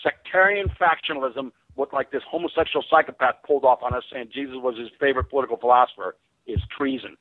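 A man's voice: medium pitch, fast, dry recording, phone-quality sound. An American man calling in to a radio talk show, rambling with many restarts and fillers. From United States. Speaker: caller. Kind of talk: call-in radio rant.

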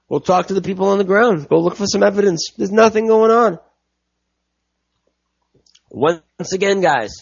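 A man's voice: sits high, vocal fry, breathy edge, dry recording, highs cut off. A man ranting angrily to his viewers about politics, swearing and repeating himself. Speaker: political commentator.

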